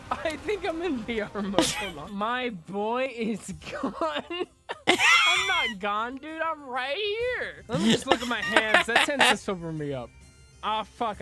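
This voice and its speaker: A drunk, giddy man streaming a game, laughing, shouting and rambling at his desk. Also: very high-pitched. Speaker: streamer and video creator. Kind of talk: casual stream commentary over gameplay. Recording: loud music over the voice.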